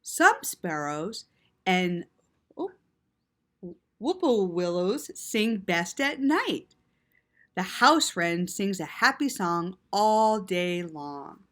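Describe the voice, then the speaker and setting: A woman reading a story aloud to children in an animated way, with gasps and quiet asides. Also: mid-range voice, drawn-out words.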